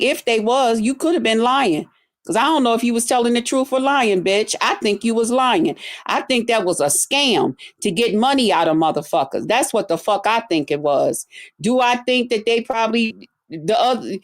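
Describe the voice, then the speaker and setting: A woman in a heated livestream rant, voice pitched a little high. She curses constantly and talks straight at her audience in a confrontational way. She stretches out certain words to make a point. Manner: angry, profane, confrontational. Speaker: streamer addressing her viewers.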